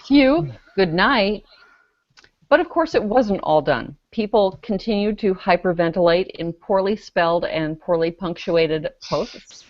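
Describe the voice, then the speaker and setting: A woman's voice: mid-range voice, animated, unhurried, no echo. A woman on a casual web panel show, presenting a news story with dry sarcasm as she reads comments aloud. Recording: dry, dull lo-fi video call audio.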